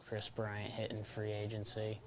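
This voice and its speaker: A man co-hosting a baseball podcast, easygoing and quick to laugh while watching a game. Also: lowish voice, completely flat delivery. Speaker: podcast co-host. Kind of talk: casual chat watching a game.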